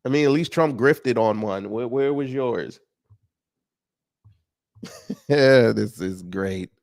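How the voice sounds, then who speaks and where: A man's voice: medium pitch, slow, gravelly, darkish tone. A man doing casual reaction commentary, talking back at a clip with sarcastic, mocking remarks.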